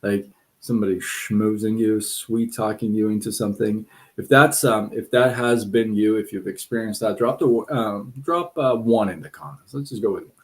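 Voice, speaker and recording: A man's voice: fairly low pitch, moderate pace. A man hosting a live stream, chatting casually with viewers and telling a story. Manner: relaxed, chatty, many fillers and restarts.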